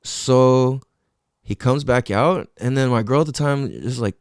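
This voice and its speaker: A man's voice: medium pitch, animated, moderate pace, a little mellow, dry recording, clean studio sound. A man hosting a podcast, telling a story casually and swearing a lot. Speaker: podcast host.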